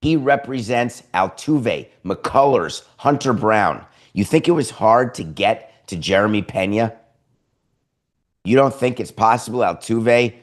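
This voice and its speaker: A male podcast host who talks sports in a lowish voice, sarcastic and opinionated. He moves quickly from point to point with an animated, needling delivery. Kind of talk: sports talk commentary.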